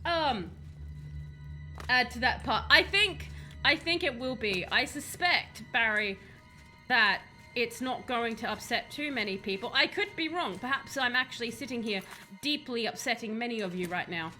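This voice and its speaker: A woman's voice: a little high, lively intonation, moderate pace, bright, forceful tone. A young woman chatting and rambling to her stream chat while she plays a game, laughing at her own jokes. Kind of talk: casual live-stream chat while gaming. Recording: music playing behind.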